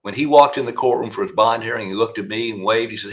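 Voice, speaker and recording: An older Southern man with a low, gravelly voice, spinning courtroom stories at length. He keeps a steady storyteller's drive and jumps his pitch up when he quotes people. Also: quick pace. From South Carolina. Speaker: defense attorney, guest. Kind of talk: storytelling interview answers.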